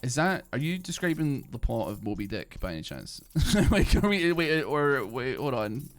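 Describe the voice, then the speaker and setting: A young British man streams a game, chatting loosely with viewers, rambling with lots of fillers and restarting mid-thought. His medium-pitched voice is very animated at a moderate pace. Faint game music plays behind him.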